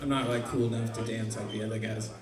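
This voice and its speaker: A man's voice: lowish voice, little pitch movement, fast talker, music in the background. A man in his twenties doing an awkward, self-deprecating stand-up set in a comedy club. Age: 20s. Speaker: stand-up comic. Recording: echoey club room with crowd.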